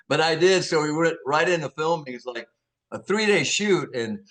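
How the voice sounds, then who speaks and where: A man's voice: on the high side, lively intonation, normal speed, fairly bright tone. A man in his sixties from Georgia with a Southern American accent, telling stories as an interview guest in a folksy, laughing way. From Georgia, USA. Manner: folksy, laughing, acts out quotes. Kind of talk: casual storytelling.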